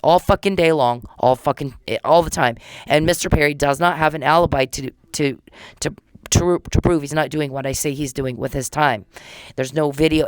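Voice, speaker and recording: A woman's voice: low-pitched, clear, resonant tone, no echo. A woman from Texas hosting a solo podcast, talking in an agitated, repetitive rant. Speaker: podcast host.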